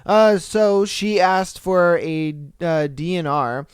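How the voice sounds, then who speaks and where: A young man hosting a podcast, reading stories aloud and reacting with swearing and loud outbursts. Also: high-pitched, slow, clear, resonant tone, dry recording, clean studio sound. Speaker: podcast host.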